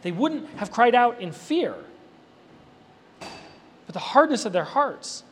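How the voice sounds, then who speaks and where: A man preaching an expository sermon, animated and emphatic, with conversational asides to his listeners. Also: very high-pitched, slow. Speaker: pastor. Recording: reverberant hall with faint background noise.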